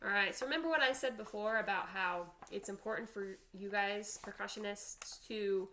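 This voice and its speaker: A woman's voice: mid-range voice, normal speed, pushed and bright, slight background noise. A woman band teacher giving an online drum lesson, counting aloud and checking in with "all right?".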